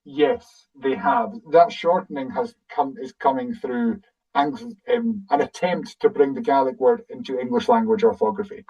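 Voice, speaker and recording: A man's voice: mid-range voice, very animated, moderate pace, gravelly, recorded from a distance, lo-fi sound. A man with a Scottish accent, a guide explaining things casually in a webinar and thinking aloud as he answers audience questions over a video call.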